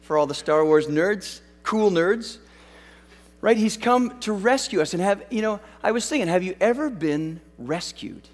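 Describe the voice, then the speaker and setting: A pastor from Western Canada with a high, light voice preaches in a loose, conversational way and pokes fun at himself as he tells a childhood story. His words ring out with a long reverb, as if in a large church hall. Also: animated, unhurried, soft background music. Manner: conversational storytelling with self-deprecating humor. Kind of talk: sermon.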